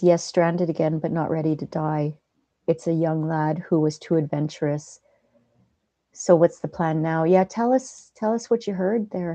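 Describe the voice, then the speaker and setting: A woman hosting a livestream, chatting gently and laughing easily as she reads out viewers' comments. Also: deep voice, vocal fry, no echo. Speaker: livestream host. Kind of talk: casual livestream chat reading viewer comments. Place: at home.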